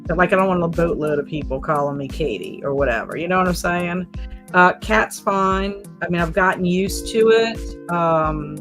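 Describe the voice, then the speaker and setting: A woman's voice: lowish voice, normal speed. Chatty woman hosting a live stream. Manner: rambling, chatty, lots of fillers. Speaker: livestream host reading chat comments. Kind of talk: casual chat. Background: soft background music.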